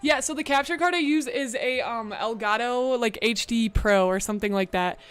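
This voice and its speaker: A woman's voice: on the high side, moderate pace, smooth, faint music behind. A young woman streamer, bubbly and chatty with lots of "like" fillers, talking casually to her live chat from a room at home. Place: home room with a bright window.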